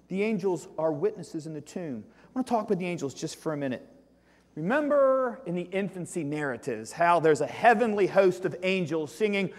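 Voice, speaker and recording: High-voiced preacher in a reverberant church. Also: male voice, expressive, moderate pace. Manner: emphatic preaching, swinging between loud exclamation and quiet asides. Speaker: pastor. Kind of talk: sermon. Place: church sanctuary. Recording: long reverb of a church hall.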